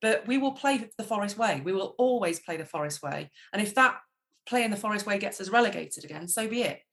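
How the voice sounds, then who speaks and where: A woman's voice: mid-range voice, expressive, a little fast, gravelly, a bit bright. A woman, co-hosting a casual football podcast, enthusiastic and a little hesitant. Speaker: podcast co-host. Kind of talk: casual chat.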